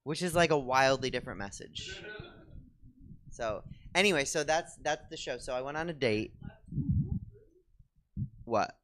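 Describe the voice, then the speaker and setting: A man's voice: mid-range voice, animated, measured pace, pauses often, fairly bright tone. A man co-hosting a comedy show, rambling in a chatty, self-mocking way as he talks with a theater audience. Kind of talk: rambling stand-up style chat with the audience.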